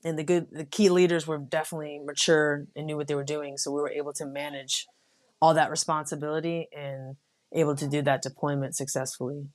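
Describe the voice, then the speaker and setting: Woman, low pitch, young adult, relaxed casual storyteller, lots of fillers. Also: fairly quick. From United States. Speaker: podcast guest, Marine officer. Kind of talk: casual interview.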